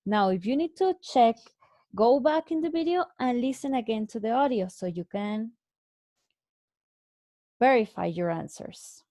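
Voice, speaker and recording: A woman teaching an English lesson, explaining answers slowly and clearly with repeated examples. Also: fairly high pitch, animated, mellow, no echo. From Mexico. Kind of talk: recorded online English lesson.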